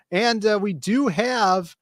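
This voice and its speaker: A man's voice: sits high, extremely slow, a bit bright, dry recording, clean studio sound. A man co-hosting a casual livestream, rambling loosely and greeting people in the chat by name. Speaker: podcast co-host.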